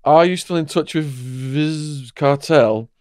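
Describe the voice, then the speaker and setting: A man hosting a podcast, putting viewer questions to a guest in a measured way. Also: a little high, a little mellow, dry recording. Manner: measured questions, dry laughs. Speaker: podcast host. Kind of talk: interview, reading viewer questions.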